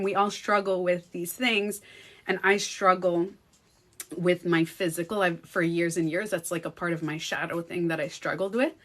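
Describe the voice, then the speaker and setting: A woman with a French Canadian accent, a native French speaker, telling a story in a casual vlog. She chats with her viewers and laughs often. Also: medium pitch. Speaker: beauty coach vlogger.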